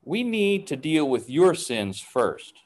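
A man voicing a calm, patient eldest brother who speaks softly and gently, with a lively pitch. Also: moderate pace. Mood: gentle. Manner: soft, patient.

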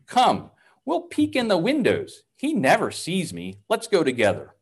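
A man voicing an eager, self-righteous brother who accuses others, with a lively pitch. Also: a little slow, husky, full character voice.

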